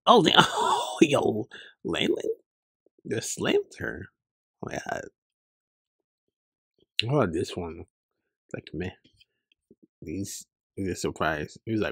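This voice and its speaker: A young man with a slightly husky voice talks through a comic dub, swinging his pitch up and down in animated, joking asides. The sound is close and dry, with no room around it. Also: dry recording. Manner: animated, jokey asides, quick laughs. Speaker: comic dub host voicing and reacting. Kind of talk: fan comic dub with live commentary.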